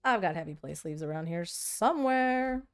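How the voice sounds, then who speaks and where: A woman's voice: on the low side, expressive, smooth, soft background music. A woman talking casually to her viewers as she sorts a pile of trading cards, rambling and poking fun at herself. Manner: rambling, self-mocking, quick mock dialogues. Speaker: content creator building a card deck. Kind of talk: casual vlog chatter while sorting cards.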